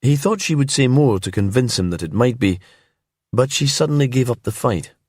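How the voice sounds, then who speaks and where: A man narrating a crime story in a calm, slow and immersive storytelling manner. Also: medium pitch, husky, no echo, clean studio sound.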